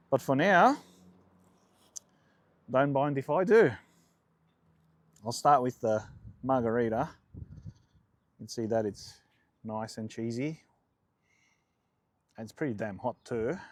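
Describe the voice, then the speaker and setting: A man in his forties with an Australian accent, chatting casually as a food vlogger and rambling through anecdotes. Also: medium pitch. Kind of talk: casual food vlog storytelling.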